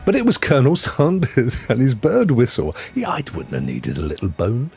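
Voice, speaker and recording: A man's voice: mid-range voice, big pitch swings, normal speed, vocal fry, darkish tone, soft background music. A man hosting a gaming news live stream, chatty and jokey, laughing often. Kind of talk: casual live-stream chat.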